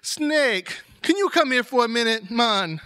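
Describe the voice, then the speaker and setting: A man's voice: very high-pitched, animated, unhurried, sharp tone, voice pushed up, exaggerated voice. A man voicing a sly, clever male spider trickster, coaxing and crafty.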